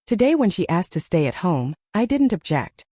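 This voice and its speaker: A man's voice: high-pitched, sing-song, normal speed, dark tone, no room sound, studio quality. A woman reading the lines of a stern, cold wealthy father in a storybook, speaking curtly. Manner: cold and curt.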